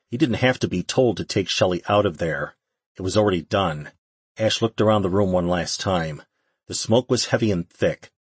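Deep, husky male narrator. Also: dry recording. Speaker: audiobook narrator. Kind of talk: scripted narration.

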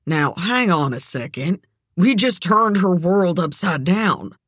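A woman doing a calm, wry ex-convict dad. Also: fairly low pitch, slow, breathy edge, no room sound, heavily acted. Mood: coaxing. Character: middle-aged man, ex-convict father, easygoing.

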